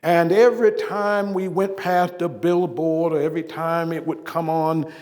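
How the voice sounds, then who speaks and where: A man playing a dignified civil rights preacher, telling his life story in a first-person stage monologue, with measured oratory that swells emphatically and drops to a hush. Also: fairly high pitch, flat delivery, big-room sound, lightly acted. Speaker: living-history performer. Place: stage performance.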